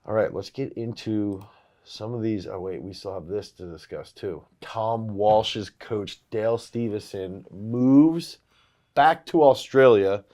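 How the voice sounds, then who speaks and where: Low-voiced, chatty throws coach. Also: male voice, takes it slowly. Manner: animated storyteller, loud when excited. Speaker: throws coach, podcast co-host. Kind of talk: casual sports chat.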